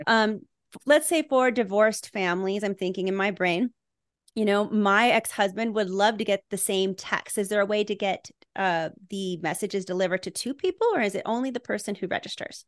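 A woman's voice: medium pitch, normal speed, dry recording, clean studio sound. A woman hosting a parenting podcast, engaged with her guests and asking follow-up questions. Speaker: podcast host.

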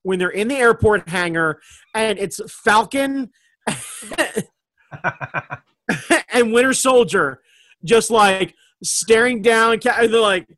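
A man in a casual comedic chat, talking excitedly and rambling, laughing often. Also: high voice, takes it slowly, pauses often, no room sound.

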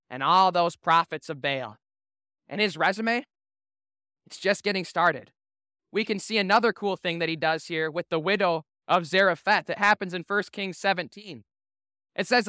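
Male pastor, casual humorous preacher, bright and smooth. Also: high voice, no echo, studio quality. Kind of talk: sermon.

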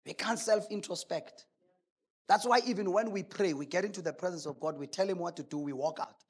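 A man's voice: sits high, a little fast, slightly rough. A male preacher delivering a sermon emphatically, asking rhetorical questions.

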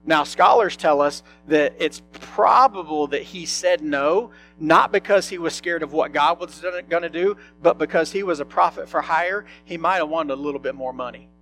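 A man's voice: on the high side, moderate pace, hardly any pauses, fairly bright tone, soft background music. Conversational male pastor preaching. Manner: conversational, asks the congregation questions. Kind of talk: sermon.

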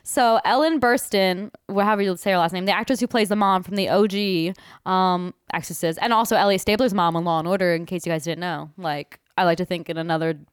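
Young female podcast co-host, casual and blunt, sarcastic takedowns, smooth voice, dry recording. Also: lowish voice, steady tone, fairly quick, hardly any pauses, no room sound. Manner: blunt, sarcastic movie reviewing, laughs often. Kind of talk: casual chat.

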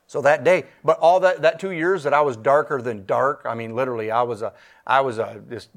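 A man's voice: mid-range voice, steady tone, brisk. A middle-aged man giving a testimony at church in a sermon style, emphatic, repeating himself, his voice swelling and dropping.

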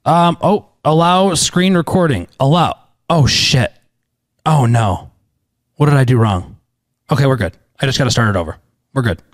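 A man in his thirties hosting a casual podcast, talking in a rambling, excitable way with lots of "um"s and casual swearing. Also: medium pitch, moderate pace, pauses often. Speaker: podcast host, sports bettor.

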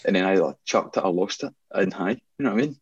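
A man's voice: low voice, expressive, fast, darkish tone, muffled recording, slight background noise. A young man, a guest DJ, rambling through stories in casual chat, full of fillers and laughs. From Scotland. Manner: rambling storyteller, laughs often, many fillers.

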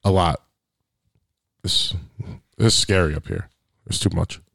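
A man's voice: sits low, slow pace, vocal fry, a bit bright, no echo, studio quality. A young man chatting on a casual podcast, telling rambling, profane stories packed with "like". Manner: rambling, profane storytelling full of "like".

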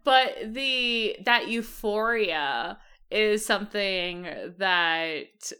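Slow-talking bright woman, laughing often. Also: mid-range voice, clean tone. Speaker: podcast co-host. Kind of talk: casual chat.

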